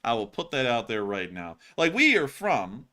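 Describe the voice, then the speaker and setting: A man with a mild drawl chats loosely through a news live stream, joking and rambling as he goes. His voice swings widely in pitch and carries a bright, forceful edge. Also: very animated, moderate pace. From Lower Alabama, US. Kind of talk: casual live-stream banter.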